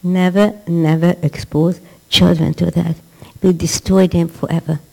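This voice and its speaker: Mellow-voiced woman giving an emphatic religious class. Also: on the low side, flat delivery, unhurried, vocal fry, poor audio. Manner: emphatic, repeats words for stress, acts out quotes. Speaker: rebbetzin teaching a class. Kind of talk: religious lecture.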